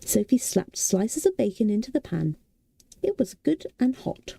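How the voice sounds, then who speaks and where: Slow, gravelly woman reading a bedtime story. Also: fairly high pitch, big pitch swings, mellow. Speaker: audiobook reader. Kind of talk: soothing bedtime read-aloud.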